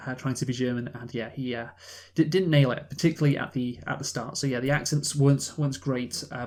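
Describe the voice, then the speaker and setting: A man co-hosting a film review podcast in casual chat, blunt and opinionated, full of fillers. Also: mid-range voice. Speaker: podcast co-host reviewing films.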